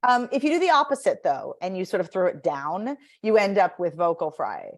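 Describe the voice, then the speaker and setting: A woman's voice: on the low side, sing-song, fairly quick. A woman speaking as a voice and speech coach in a podcast interview, animatedly demonstrating vocal patterns by acting them out.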